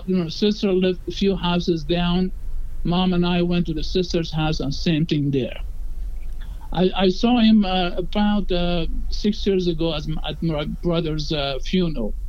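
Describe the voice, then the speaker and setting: A man with a high voice tells a personal story in an earnest, conversational way and acts out the lines of the people in it. The recording sounds dull and lo-fi. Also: fairly even intonation, measured pace, darkish tone. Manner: earnest, acts out quoted dialogue.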